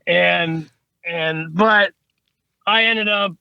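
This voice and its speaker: A man's voice: sits high, very slow, creaky, clean tone, no room sound, muffled recording. A man, an HVAC service tech, telling stories casually in an interview, rambling with lots of "you know what I mean" and casual swearing. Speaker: HVAC service technician, podcast guest.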